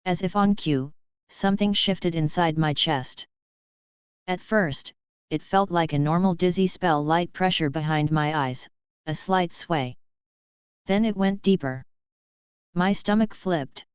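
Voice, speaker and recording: Slow, even woman audiobook narrator. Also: on the low side, clean tone, no echo, lo-fi sound. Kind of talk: first-person story narration.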